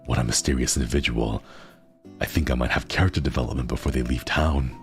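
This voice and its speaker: A man's voice: extremely low pitch, steady tone, fast, soft background music. A man streaming casual chat with viewers, playful and rambling, often laughing.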